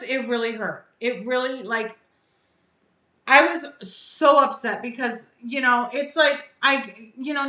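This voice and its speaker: Upset woman on her stream, high bright voice, venting and cussing, echoey room. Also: dull audio. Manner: upset, blunt, venting and cursing. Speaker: vape reviewer and channel host. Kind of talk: live stream chat.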